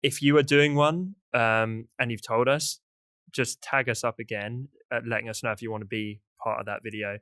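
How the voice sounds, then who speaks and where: A man's voice: medium pitch, steady tone, moderate pace, fairly bright tone, dry recording. A British man from the UK hosting a podcast, chatting casually in loose, upbeat run-on sentences. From United Kingdom. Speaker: podcast host.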